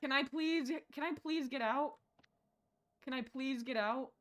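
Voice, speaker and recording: A woman streaming a horror game live, excitable, shrieking and laughing at the game and chatting with viewers. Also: high voice, a little slow.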